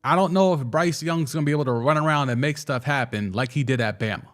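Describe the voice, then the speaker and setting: A young man hosting a casual sports talk show, excitedly giving his takes and answering viewer comments, often restarting and stumbling over his words. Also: on the high side, fast. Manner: excitable, with frequent restarts and stammers. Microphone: studio microphone.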